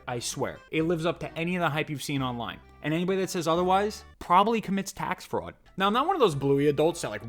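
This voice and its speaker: A man in his thirties, a dad, giving a jokey, sarcastic, mock-dramatic commentary on a children's show. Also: on the high side. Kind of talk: comedic commentary vlog.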